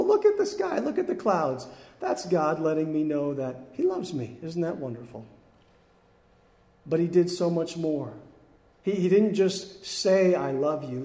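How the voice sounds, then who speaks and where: A man preaching a sermon in an earnest, emphatic way, slowing on key phrases and dropping soft at the ends. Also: on the high side. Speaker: pastor. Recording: echoey hall with long reverb.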